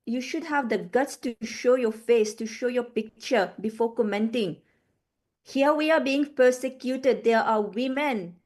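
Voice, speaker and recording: A woman with a somewhat high voice speaks during a live-streamed appeal. She is indignant and confrontational, scolding critics directly. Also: darkish tone.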